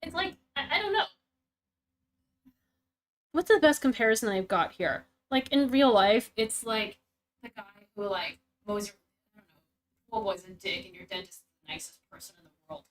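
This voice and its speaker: A woman with a fairly high voice talks through a story on a casual stream. She rambles, gets animated, and drops the occasional swear, jumping between points as she goes. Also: moderate pace, long pauses, rough recording. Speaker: stream host reacting to a web serial. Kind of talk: casual reaction chat.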